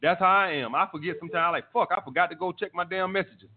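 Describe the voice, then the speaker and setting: Man, high voice, blunt and swearing, dating advice host, phone-like sound. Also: quick pace, a little hiss or hum. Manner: blunt, profane, repetitive. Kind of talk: live call-in show, answering listener messages. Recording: tinny phone-like line.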